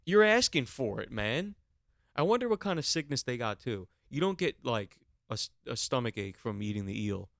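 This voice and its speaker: A man talks alone into a handheld mic, a mid-pitched voice that swings between low muttering and sudden incredulous, high-pitched questions. The sound is dry and close, with no room around it. He rants in a loose, joking way. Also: moderate pace, no echo. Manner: animated ranting, big jumps up to incredulous shouts. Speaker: podcast host. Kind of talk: solo comedic rant.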